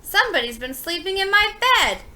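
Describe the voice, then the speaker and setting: A woman voicing an excitable young duckling boy who speaks in eager exclamations, in a storybook reading. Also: very high-pitched, normal speed, pitched above the performer's own voice, full character voice. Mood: excited.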